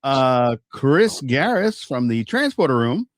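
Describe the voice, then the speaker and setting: A man co-hosting a podcast, chatting in an easygoing way and doing shout-outs. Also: medium pitch, big pitch swings, takes it slowly, dry recording. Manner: easygoing, laughs often. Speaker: podcast co-host. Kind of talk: casual podcast chat.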